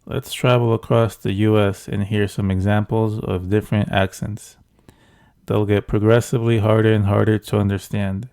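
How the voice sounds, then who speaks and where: A man's voice: fairly low pitch, level tone, moderate pace, gravelly, mellow. A man hosting a comedy video, translating clips in a dry, mock-serious way. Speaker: video host. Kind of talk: comedic commentary.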